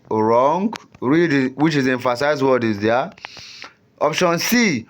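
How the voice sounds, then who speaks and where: A man's voice: mid-range voice, expressive, takes it slowly, a little hiss or hum. A young man tutoring exam students in a casual, repetitive way, often checking in with "you understand?".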